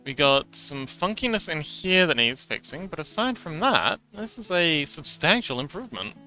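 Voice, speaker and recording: A man streams live, chatting casually with viewers and reading their chat messages aloud, often stammering, restarting, and giggling. His voice is on the high side, very animated, pushed and bright, at a moderate pace, with faint music behind him.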